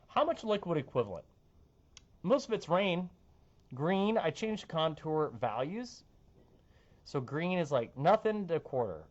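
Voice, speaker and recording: A man's voice: a little high, very animated, unhurried, pauses often, lo-fi sound. A young man, a TV meteorologist talking through a casual forecast with playful, jokey asides. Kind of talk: casual weather forecast chat.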